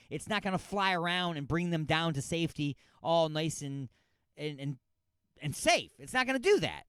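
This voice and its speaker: A man's voice: a little high, fairly bright tone, smooth, dry recording. A man hosting a radio talk show, ranting sarcastically and scolding with exasperation about a news story.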